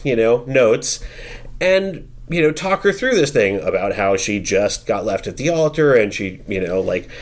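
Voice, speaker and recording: A man casually telling a profane, animated story on a podcast, laughing often and acting out the people in it. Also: on the low side, unhurried. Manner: animated, laughing, profane, acts out quoted voices.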